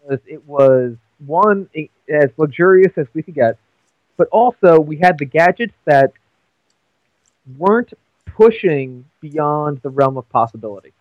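A man chatting casually, telling stories in an animated way with halting restarts. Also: fairly high pitch, no echo, muffled recording. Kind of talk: casual chat.

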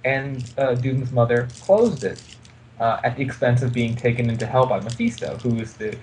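A man's voice: medium pitch, normal speed, a little mellow, a little hiss or hum, low-quality recording. A man co-hosting a casual chat about comics, talking in loose rambling sentences full of fillers and restarts.

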